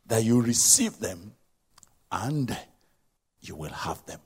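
A man preaching a sermon, emphatic and repetitive, swinging between loud exhortation and hushed asides. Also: mid-range voice, wildly swooping pitch, takes it slowly, breathy edge.

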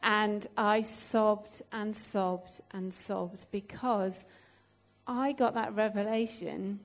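A woman giving an emotional, halting testimony in a church group, with many pauses and fillers. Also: medium pitch. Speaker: church member sharing a testimony.

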